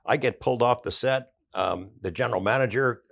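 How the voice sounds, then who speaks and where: A man's voice: mid-range voice, a little fast, creaky, a bit bright. An older man, an investigative journalist, recounting past events conversationally in a podcast interview.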